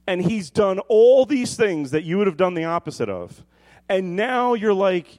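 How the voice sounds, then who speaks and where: A man preaching a sermon, telling jokey stories with sudden high-pitched yelps before turning quiet and earnest. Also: very animated, measured pace. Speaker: pastor.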